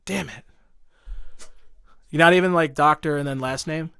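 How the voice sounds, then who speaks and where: A man's voice: fairly high pitch, normal speed, gravelly, bright, forceful tone, clear, resonant tone. Young man telling a heated story. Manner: profane, heated, full of fillers. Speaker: podcast guest. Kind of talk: casual storytelling.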